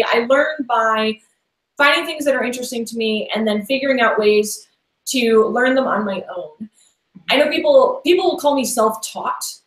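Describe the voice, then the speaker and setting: A woman guest in a casual interview, talking in a rambling, chatty way with lots of "like" and restarts. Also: fairly high pitch. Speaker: podcast guest. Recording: echoey room sound.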